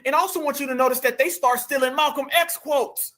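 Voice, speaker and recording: A man's voice: extremely high pitch, quick pace, sharp tone. A male host giving mocking, indignant commentary on video clips and calling his viewers family.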